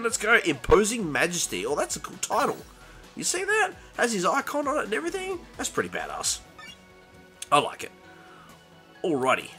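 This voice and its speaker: A young man hosting a gaming channel, excitedly commentating his own gameplay, talking to the characters on screen and laughing along. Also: mid-range voice. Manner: excitable, yelps and laughs while playing, talks to the game. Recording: game music behind.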